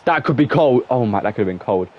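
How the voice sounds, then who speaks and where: A young man from England, speaking with an English accent, streams a football game and chats casually with his viewers. His medium-pitched voice is animated, fast, and rambling, recorded on a slightly dull lo-fi mic with faint noise.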